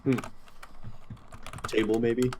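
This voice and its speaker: A man's voice: medium pitch, level tone, takes it slowly, a little mellow, slight background noise. A man taking part as a player in a tabletop role-playing game, tossing in short, dry quips.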